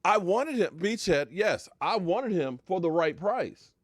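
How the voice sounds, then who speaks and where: This live-stream sports talk host has a high-sitting voice and sounds animated but unhurried as he chats casually about football. He rambles, responds to viewer comments, and now and then plays at being heartbroken. The audio is studio quality with no room sound.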